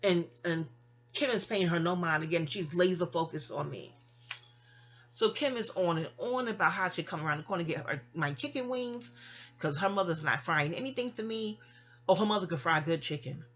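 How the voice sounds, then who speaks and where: Speaking at normal speed with a low, somewhat bright voice, this New York City vlogger rambles through a long personal tale. She sounds sleepy but chatty, and her casual monologue keeps restarting and drifting into asides.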